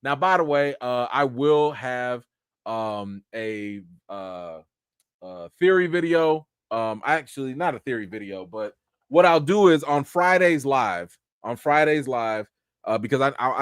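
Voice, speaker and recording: A man's voice: mid-range voice, clean tone, no room sound, studio quality. A man hosting a casual live-stream review, talking straight to his viewers in slang. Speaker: TV series reviewer and live-chat host.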